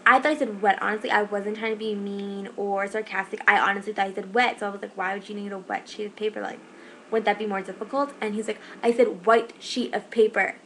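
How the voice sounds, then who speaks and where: A young woman tells a story in a casual vlog, talking fast and rambling. She sounds exasperated and fills her talk with "like". Faint noise hums under her voice. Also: mid-range voice, level tone, fairly bright tone, poor audio. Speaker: shift manager.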